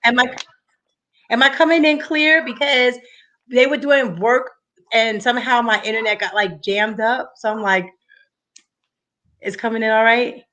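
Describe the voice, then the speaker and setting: A woman from Queens, New York, a guest in a casual group chat on a video call, speaking quickly and upbeat. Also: on the high side, bright, forceful tone, highs cut off. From Jamaica, Queens, New York, US.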